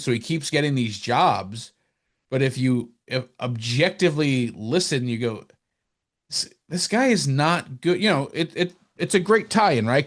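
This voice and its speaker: A man from New Jersey co-hosting a podcast, chatting casually and animatedly about sports, rambling and jumping higher when he mocks someone. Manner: animated, rambling, jumps up in pitch when mocking. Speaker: podcast co-host.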